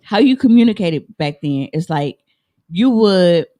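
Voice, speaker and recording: A woman's voice: on the low side, measured pace. Woman co-host telling a story. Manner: animated storytelling with laughs. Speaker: podcast co-host. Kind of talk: casual chat.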